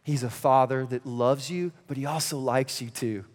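A man in his thirties preaching a sermon as pastor, energetic and playful, dropping to a hushed, earnest tone at times. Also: mid-range voice, moderate pace. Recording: reverberant church hall.

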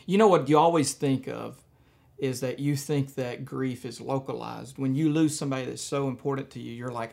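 This is a man speaking as a pastor, telling a personal story to his congregation. His voice sits at an ordinary pitch with a gravelly, creaky texture. He talks softly and haltingly, with frequent fillers and restarts. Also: steady tone. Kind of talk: conversational storytelling in a church message.

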